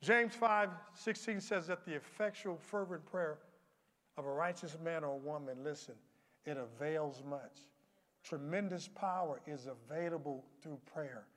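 High-pitched male preacher, church sermon, quiet storytelling rising to shouts; echoing sanctuary. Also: a little slow. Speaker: pastor. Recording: long hall reverb.

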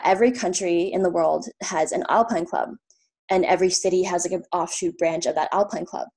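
Casting note: woman from Canada, thirties, slightly low voice, chatty interview guest who rambles through anecdotes with fillers and laughs. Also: a little mellow. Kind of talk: casual storytelling.

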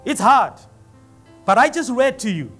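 A male pastor preaching a sermon, telling a story with lively acted-out quotes and rising calls to the congregation. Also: extremely high pitch, unhurried, husky, soft background music. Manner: animated storytelling preacher, acts out voices in quotes. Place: church.

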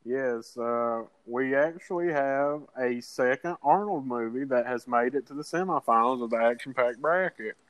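Podcast host, man, mid-pitched, halting and casual, dry sound. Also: dry recording, poor audio. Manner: halting, restarts, swears casually. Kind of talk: casual chat.

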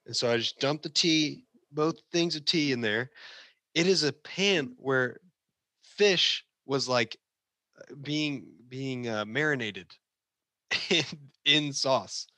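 Bright-voiced young man telling a story. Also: slow pace, no echo. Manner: laughs through his story, acts out quotes in high voices. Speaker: podcast co-host. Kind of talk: casual storytelling chat.

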